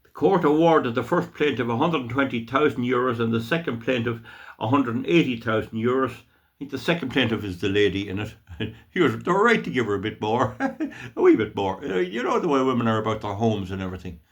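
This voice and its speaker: A man's voice: mid-range voice, expressive, fast talker. A man with a west of Ireland accent giving a blunt, scornful solo commentary on news articles for his channel. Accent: Irish, west of Ireland. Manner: blunt, scornful rant, mock-emotional jeering. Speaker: YouTube commentator.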